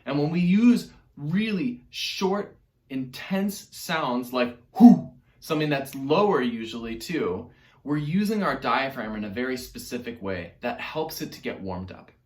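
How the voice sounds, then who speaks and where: A man's voice: medium pitch, lively intonation, unhurried, reverberant. A man teaching an online music lesson to young children in an upbeat, encouraging way, speaking directly to his class.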